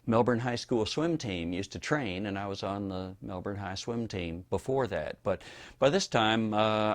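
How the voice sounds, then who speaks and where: An older man from Florida recalls the old days in an oral history interview. His voice sits a little low, and he spins his stories with a dry, wry humor and an easy storyteller's pace.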